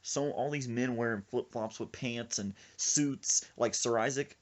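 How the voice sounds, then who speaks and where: A man hosting a podcast, telling a comic story in an animated way and acting out the voices in it. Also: mid-range voice, unhurried, few pauses. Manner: animated, acts out the voices he tells about. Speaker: podcast host.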